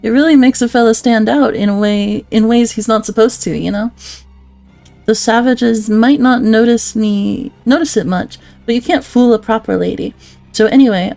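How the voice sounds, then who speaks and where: A woman's voice: a little high, gravelly, a little mellow. A woman reading out the lines of a cocky, crude little male spider, telling his story in a boastful, rowdy way, with no accent put on.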